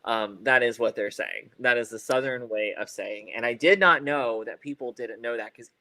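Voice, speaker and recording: A man co-hosting a podcast in loose, casual chat, his mid-pitched voice caught close on a dry mic with no room sound. He wanders through his thoughts, fills pauses with "um" and "like," laughs easily, and trips into a stutter from time to time. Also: sharp tone, no echo. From Ohio. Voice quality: occasional stutter. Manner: rambling, many fillers and restarts, laughs often. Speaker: podcast co-host.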